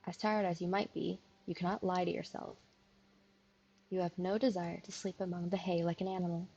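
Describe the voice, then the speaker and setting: Gravelly woman streamer reading a visual novel. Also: lowish voice, little pitch movement, fairly quick, mellow, lo-fi sound. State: sleepy, yawning.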